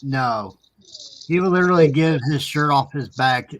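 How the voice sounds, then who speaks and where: A man's voice: on the high side, moderate pace. A man in a casual podcast chat, chiming in with short remarks. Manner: chimes in with short remarks and laughter. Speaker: podcast co-host.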